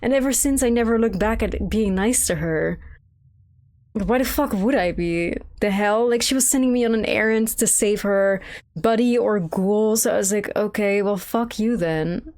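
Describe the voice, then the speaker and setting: A woman's voice: mid-range voice, moderate pace, darkish tone. A young woman giving casual, profane commentary while playing a video game, rambling and incredulous. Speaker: game streamer.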